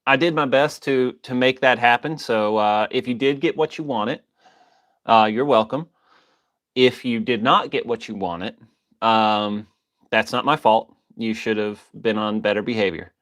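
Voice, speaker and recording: His mid-range voice is a bit bright and unhurried as he hosts a casual livestream, reading the chat, joking loosely, and greeting viewers by name. He's coughing and a bit wheezy, with a slight wheeze audible in his voice.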